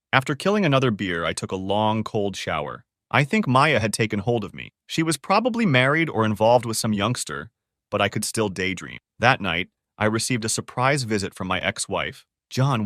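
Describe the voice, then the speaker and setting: Lively low-voiced male story narrator. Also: a little fast, no room sound, clean studio sound. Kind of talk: first-person scripted story narration.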